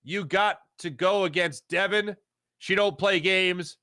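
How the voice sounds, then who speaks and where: A man hosting a live sports talk show, reading viewer chat in a jokey, animated way and greeting chatters with loud excitement. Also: high-pitched, unhurried, clear, resonant tone, no room sound, studio quality.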